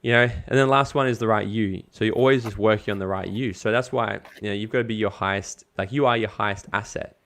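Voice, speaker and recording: A man's voice: on the low side, quick pace, hardly any pauses, a bit bright. A man speaking as a guest in an interview, giving emphatic, casual motivational advice and swearing now and then. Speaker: guest, network marketing coach.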